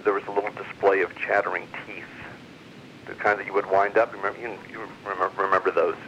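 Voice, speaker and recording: A middle-aged man spins a rambling personal story full of fillers and restarts. His voice sits a little low but carries a bright, forward edge. The recording is muffled and lo-fi, with a faint hiss underneath. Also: little pitch movement, quick pace. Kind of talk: casual storytelling.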